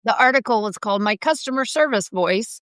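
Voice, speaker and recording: A woman's voice: fairly high pitch, animated, fairly quick, a bit bright, no echo. A woman co-hosting a podcast in casual chat, talking emphatically and laughing often. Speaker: podcast co-host.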